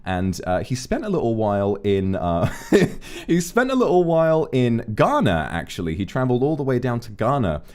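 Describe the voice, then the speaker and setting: A man's voice: mid-range voice, moderate pace. A man streaming, telling rambling, profane stories about his friends in a casual chat. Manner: rambling, profane, animated anecdotes. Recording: faint background music.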